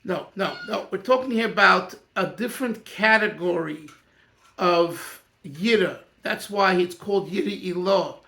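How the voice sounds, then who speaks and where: Rabbi guy with a really high bright voice, emphatic, keeps restarting mid thought. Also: measured pace, creaky. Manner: emphatic, thinking aloud, restarts often. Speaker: rabbi teaching a class. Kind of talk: animated Torah class discussion.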